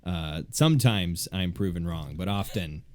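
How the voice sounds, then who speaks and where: Hesitant low-key podcast host, a man. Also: lively intonation, measured pace, a little mellow. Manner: hesitant, many fillers and restarts, low-key. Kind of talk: casual chat about music.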